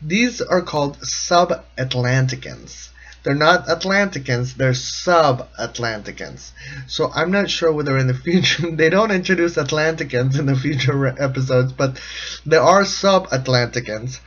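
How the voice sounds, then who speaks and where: A man's voice: on the high side, normal speed, a bit bright, muffled recording. A man giving casual, jokey commentary on a cartoon episode, rambling and often laughing mid-sentence. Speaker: show commentator.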